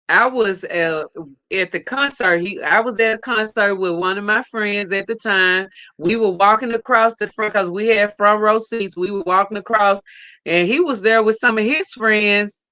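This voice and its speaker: A woman's voice: mid-range voice, a little slow, pushed and bright. A middle-aged woman, animatedly telling a story in casual chat with playful teasing. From United States. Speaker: co-host.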